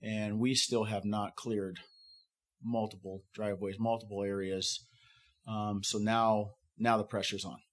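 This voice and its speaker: A man's voice: fairly low pitch, flat delivery, unhurried. A middle-aged man, a fire captain, recounting an evacuation with many fillers and restarts, sometimes acting out the voices of others. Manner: acts out quoted voices of others.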